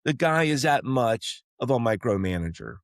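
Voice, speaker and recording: Lively intonation and a moderate pace mark this mid-range male voice hosting a solo sports opinion podcast. He keeps pressing his arguments hard, tacking "okay?" onto them again and again while rallying and pleading with fans, all in a dry recording.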